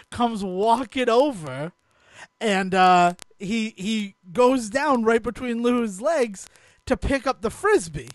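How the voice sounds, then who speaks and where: A man's voice: high-pitched, no room sound. A man co-hosting a podcast, telling a story in casual chat, laughing as he goes and swearing freely. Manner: laughs through his stories, swears freely. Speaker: podcast co-host.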